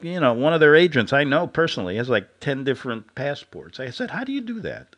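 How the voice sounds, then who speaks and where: A man hosting a radio show, telling a rambling satirical story and chuckling at his own jokes. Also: lowish voice.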